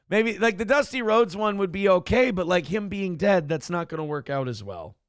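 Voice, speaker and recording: A man's voice: high-pitched, expressive, moderate pace, few pauses, no echo, clean studio sound. A man hosting a live-stream show casually, reading viewer comments aloud and joking crudely. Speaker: host.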